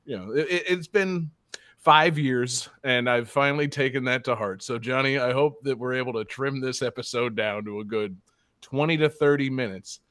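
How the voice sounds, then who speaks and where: A man's voice: medium pitch, normal speed, fairly bright tone, no room sound. Male co-host, loose joking rambler, laughs and curses freely; dry close sound. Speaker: podcast co-host. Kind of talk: casual joking banter.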